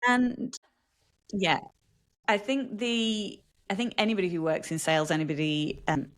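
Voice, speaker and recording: A woman's voice: mid-range voice, steady tone, normal speed. A woman from Yorkshire with a Yorkshire accent, co-hosting a podcast in a bubbly, playful chat. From Yorkshire, England. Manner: bubbly, playful, mimics voices. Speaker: podcast co-host. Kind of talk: casual chat.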